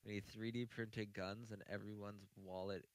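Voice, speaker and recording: A man's voice: lowish voice, flat delivery, normal speed, poor audio. A man in a casual online panel chat, joking around and hesitating over his words. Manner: hesitant, joking, full of fillers. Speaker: panel guest.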